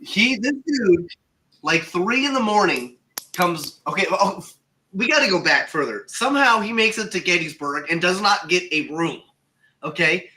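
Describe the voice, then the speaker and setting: A man on a casual podcast, telling a funny story with lively acted-out quotes. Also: sits high, moderate pace, far from the mic, low-quality recording. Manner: animated storyteller, acts out quotes. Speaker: paranormal show regular telling a story.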